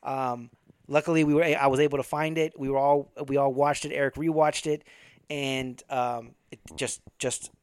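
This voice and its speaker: A man hosting a casual movie podcast, telling stories loudly, laughing and swearing. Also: mid-range voice, little pitch movement, normal speed, clear, resonant tone, no room sound. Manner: loud, laughing storyteller who swears. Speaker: podcast host.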